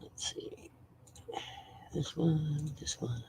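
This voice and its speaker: A man's voice: on the high side, steady tone, extremely slow, creaky, darkish tone, whispered, poor audio. A man hosting a casual live stream, greeting viewers and talking bluntly with plenty of swearing.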